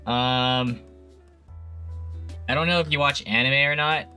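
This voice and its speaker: A man hosting a live-streamed interview podcast, talking in a polite, steady way as he tries to keep things professional. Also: medium pitch, a little slow, clear, resonant tone, soft background music. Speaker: podcast host.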